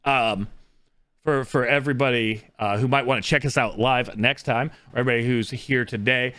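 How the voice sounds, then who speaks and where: A man from the Pacific Northwest talks loosely on a podcast, looping back and restarting his sentences as he tells a story. His voice sits in a middle pitch and comes across dry and close to the mic. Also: fairly even intonation, moderate pace, bright, forceful tone, smooth, dry recording. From Pacific Northwest, USA. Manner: rambling, with many restarts and asides. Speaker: podcast co-host and streamer. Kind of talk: casual podcast chat.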